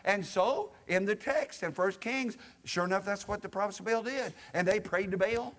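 High-voiced folksy preacher man. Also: moderate pace, few pauses, fairly bright tone, in a large hall. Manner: folksy and joking, addressing the congregation directly. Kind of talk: sermon.

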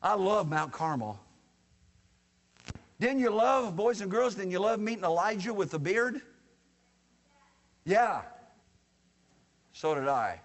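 Folksy, joking preacher man with a high voice, sermon recorded in a reverberant church hall. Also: animated, takes it slowly, pauses often. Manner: folksy and joking, addressing the congregation directly.

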